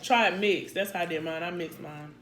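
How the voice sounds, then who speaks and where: A woman's voice: fairly low pitch, brisk, crowd noise. Chatty woman vlogging a food review. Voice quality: chatty, addresses viewers as y'all. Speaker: family vlogger. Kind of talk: casual mukbang chat.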